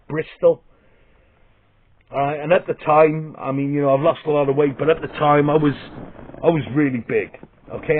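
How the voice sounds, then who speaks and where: A man's voice: fairly high pitch, breathy edge. A man with a Welsh accent telling a comic story as a vlogger, blunt and sweary, with restarts. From Wales. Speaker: vlogger and comedian. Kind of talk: rambling comic storytelling monologue. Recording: tinny phone-like sound.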